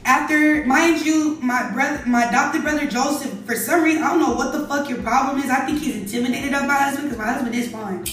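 A woman's voice: sits high, a little fast, few pauses, fairly bright tone, recorded from a distance, slight background noise. A young adult woman telling a casual story, chatty and exasperated, talking straight to her viewers. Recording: very echoey room, away from mic, faint music.

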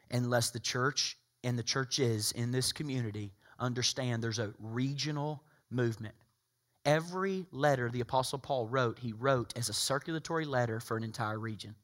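A man from Tennessee, preaching a sermon as pastor. He swings from loud, emphatic preaching to hushed, intimate asides. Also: medium pitch. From Tennessee, USA.

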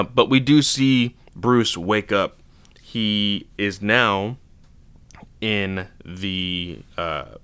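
A man with a very low, clear voice talks through a comic storyline in a loose, enthusiastic way. His tone is bright and forward, and the sound is dry and close. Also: no echo. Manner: enthusiastic, loosely retells scenes with quoted lines. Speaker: comic book reviewer. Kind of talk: casual recap.

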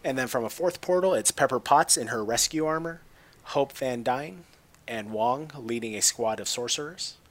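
Male co-host, mid-pitched voice, chatty and easily amused while reading scene beats. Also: normal speed, a bit bright. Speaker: podcast co-host. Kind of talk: casual retelling of a movie.

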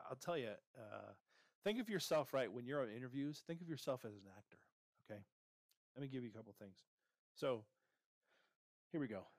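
The host of this motivational career podcast speaks in a mid-range voice, with clean studio sound and no room sound. Guiding the listener through a pep talk, he keeps tagging his lines with "right?" and "okay?".

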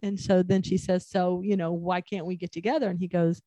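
A woman co-hosting a casual recap chat, measured as she retells scenes line by line. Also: lowish voice, little pitch movement, mellow, dry recording. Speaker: podcast co-host.

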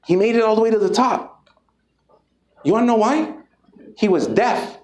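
A man giving an energetic, profane motivational talk to a live audience, calling out to the crowd. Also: sits high, normal speed. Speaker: motivational speaker. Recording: echoey room with background noise.

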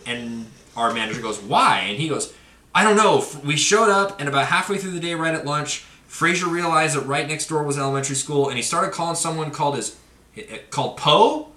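Man, casual storytelling, animated, laughing, bright sharp voice, roomy echo, slightly distant mic. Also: a little high. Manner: animated, laughing, acts out quotes loudly. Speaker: podcast co-host telling a story. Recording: echoey room, voice a bit off-mic, faint ambience.

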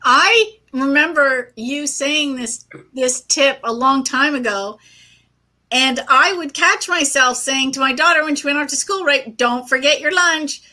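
A woman's voice: high-pitched, unhurried, sharp tone, rough recording. A woman hosting an interview, chatty and self-deprecating. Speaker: host. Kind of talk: conversational interview.

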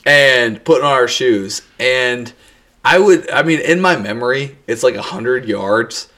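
A man's voice: mid-range voice, expressive, unhurried, sharp tone, a little hiss or hum. A man telling a rambling, crude story in a casual podcast chat, laughing often as he goes. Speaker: podcast co-host.

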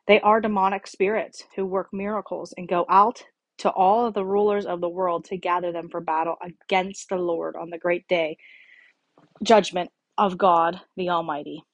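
Casting: woman with a slightly low voice for a measured scripture reading, dry close recording. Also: fairly even intonation, no echo. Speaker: scripture reader.

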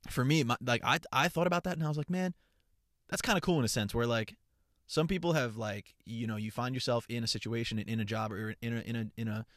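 A young man talks into the mic from a parked car, riffing in a loose, unscripted podcast chat. He's hyped and swears freely, doubling back on his words as he goes. His pitch sits in a middling range, and the sound is close and dry with no room echo. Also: quick pace. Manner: energetic, profane, rambling with frequent restarts. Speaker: podcast host and content creator. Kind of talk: casual solo podcast chat.

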